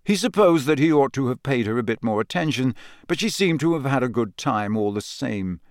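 A man narrating an audiobook in a measured storytelling manner. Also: medium pitch, expressive, dry recording, studio quality.

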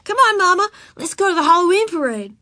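A woman voicing an excited little girl who wants to be the baddest witch, shrill and eager. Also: brisk, dry recording, clean studio sound, full character voice.

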